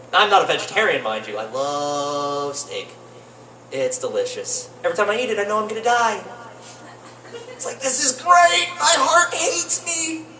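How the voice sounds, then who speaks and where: A young man doing rambling open-mic stand-up comedy in a cafe, with deadpan asides. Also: a little high. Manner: rambling, deadpan asides, lively swings into mock voices. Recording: roomy cafe with faint noise, distant mic.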